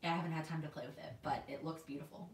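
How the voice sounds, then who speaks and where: A woman's voice: deep voice, steady tone, fast talker, echoey room, recorded from a distance, a little hiss or hum. A woman in her twenties from Texas, chatting casually on a livestream and reading out viewer comments. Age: 20s. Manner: chatty, reads viewer comments aloud, restarts often. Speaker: planner vlogger. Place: home in New York.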